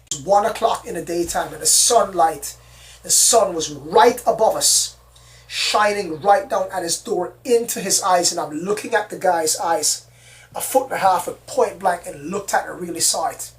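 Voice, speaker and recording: An excitable storyteller who rambles through a personal account and keeps repeating words. The voice sits at middle pitch and sounds somewhat far from the mic. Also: normal speed. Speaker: storyteller recounting an alien encounter. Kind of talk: casual spoken storytelling.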